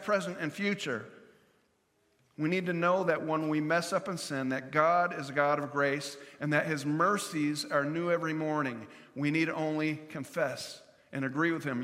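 A man's voice: a little high, bright, forceful tone, in a large hall. A man preaching a sermon as pastor, earnestly acting out the Bible dialogue.

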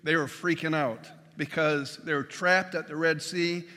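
High, bright-voiced preacher in a reverberant hall. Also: male voice, fairly even intonation, a little slow. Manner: conversational, folksy preaching with jokes and everyday comparisons. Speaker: pastor. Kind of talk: sermon.

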